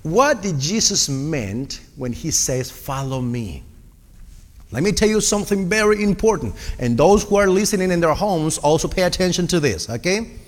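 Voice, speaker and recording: A man's voice: fairly high pitch, very animated, normal speed, in a large hall. A man preaching a sermon with personal testimony, earnest and speaking straight to the congregation. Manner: earnest, addresses the congregation directly.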